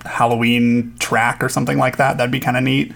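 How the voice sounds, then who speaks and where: A man co-hosting a podcast in casual chat, enthusiastic and laughing a lot as he pitches ideas. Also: little pitch movement, fairly quick, vocal fry, fairly bright tone. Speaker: podcast co-host.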